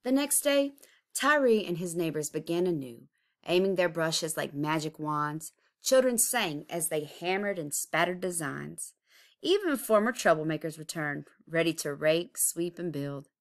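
A woman's voice: low voice, lively intonation, unhurried. A woman, an art teacher, reading a picture book aloud expressively, chanting its rhyming refrains. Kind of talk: storybook read-aloud.

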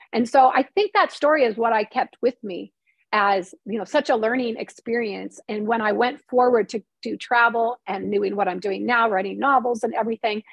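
A woman's voice: on the high side, slightly rough, dry recording. A middle-aged woman, a former TV reporter, telling a personal story in an interview, candid and emotional, acting out what others said to her. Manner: candid and emotional, acts out quoted lines.

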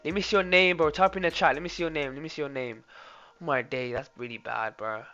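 A young man streaming live and reacting loudly, laughing and often saying "oh my days" and "bro". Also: a little high, steady tone, fast talker. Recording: dull lo-fi sound with faint music. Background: faint background music.

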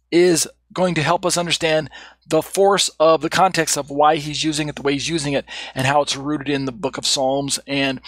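A man's voice: fairly high pitch, fairly bright tone, no echo. A man teaching an evening Bible study, reading quoted passages aloud and then explaining them with rhetorical questions and frequent fillers.

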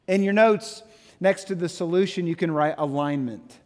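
A man in his thirties preaching a sermon, animated, with playful asides and quotes he acts out. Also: on the high side, normal speed, long reverb tail. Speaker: pastor.

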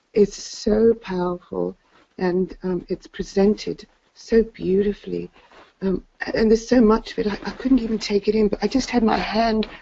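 Gushing, gravelly-voiced woman on a call. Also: medium pitch, warm tone. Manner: effusive, gushing, halting. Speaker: webinar caller. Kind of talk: emotional testimony on a call. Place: in bed at home. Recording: muffled lo-fi call audio.

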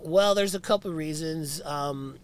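A man from Canada with a high, raspy speaking voice, telling stories in casual chat and swearing freely. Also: a little slow. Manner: swears freely, jumps into voices mid-story. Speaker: podcast guest. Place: inside a van. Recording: faint noise in a vehicle.

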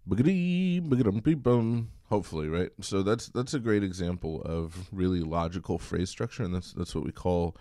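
A man giving a recorded college music lecture in a relaxed, chatty way, singing short examples. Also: low voice, brisk, few pauses, no echo, clean studio sound.

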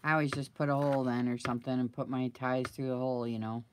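A middle-aged woman with a notably low voice rambles casually as she crafts at her table at home. She thinks aloud and keeps asking her viewers what they would do. Faint noise sits behind her. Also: level tone, fast talker. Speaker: craft video maker. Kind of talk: chatty live crafting video.

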